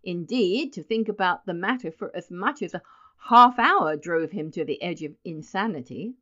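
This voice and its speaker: A woman narrating a story aloud in a measured, even reading voice, in a slightly muffled recording. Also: fairly low pitch. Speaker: audiobook narrator.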